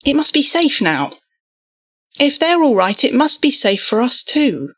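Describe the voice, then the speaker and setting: A woman doing Jeremy, a high tearful boy. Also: very slow. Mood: insistent. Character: desperate boy pleading with his parents.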